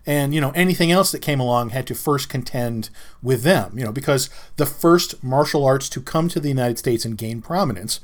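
A man's voice: mid-range voice, lively intonation, fairly quick. Wry rambling middle-aged male podcaster. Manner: rambling, wry, self-interrupting storyteller. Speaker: podcast host. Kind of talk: casual monologue.

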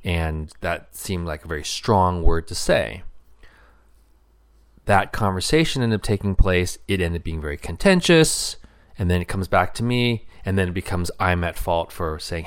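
A middle-aged man with a lowish voice talks earnestly about marriage. He thinks aloud, pausing on fillers as he works through his points. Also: lively intonation, clear, resonant tone. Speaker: marriage speaker. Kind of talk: reflective personal talk.

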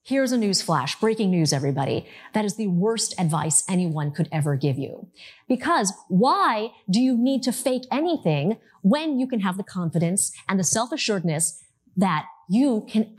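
A woman in her thirties from the United States giving a talk to an audience, telling her story in a lively, animated way. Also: medium pitch, measured pace, breathy edge.

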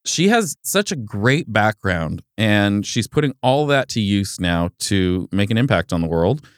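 Lively, low-voiced male podcast host. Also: a little slow, no echo, clean studio sound. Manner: joking, self-mocking, playful. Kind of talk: casual podcast banter.

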